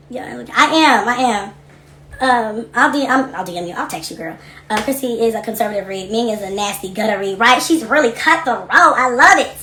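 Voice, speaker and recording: A woman's voice: a little high, roomy sound. A brash, profane woman livestreaming. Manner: blunt, profane, animated. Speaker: livestream host. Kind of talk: casual livestream chat reading comments. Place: home office.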